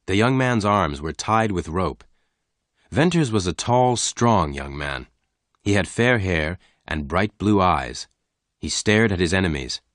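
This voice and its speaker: Male narrator, very low voice, dry close mic, slow clear reading. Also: a bit bright, dry recording. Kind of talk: scripted story narration.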